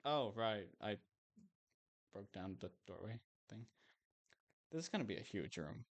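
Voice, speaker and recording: A man's voice: lowish voice, expressive, unhurried. A young man chatting casually while streaming a game, rambling and self-amused, swearing now and then.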